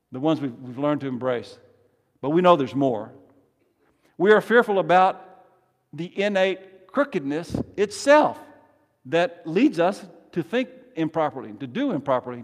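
A man preaching a sermon as pastor, emphatic and swinging from soft to loud, leading his congregation in call-and-response. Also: on the high side. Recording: long reverb of a large hall.

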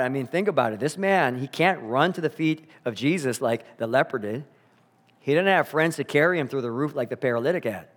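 A man preaching a sermon, earnest and emphatic, slowing down to repeat key phrases, in a church sanctuary. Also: fairly high pitch. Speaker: pastor. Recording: long hall reverb.

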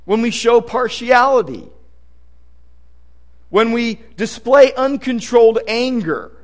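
High-voiced man preaching a sermon. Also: lively intonation, slow pace. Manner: conversational, emphatic preaching with scripture reading. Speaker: pastor.

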